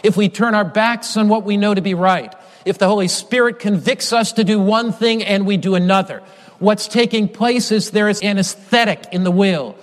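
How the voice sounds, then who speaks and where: A male preacher with a high voice delivers a measured, emphatic sermon. He builds his points through repeated refrains. Long reverb trails his phrases in a large hall.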